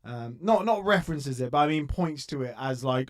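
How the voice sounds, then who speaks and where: A man's voice: mid-range voice, lively intonation, moderate pace. A man co-hosting a casual football fan podcast, chatty and joking, with lots of restarts and fillers. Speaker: podcast co-host.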